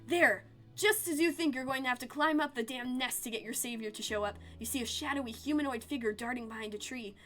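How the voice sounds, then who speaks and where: Woman streamer narrating a story game, expressive read, fairly high voice, faint music under it. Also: fast talker. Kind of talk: reading a narrative game aloud.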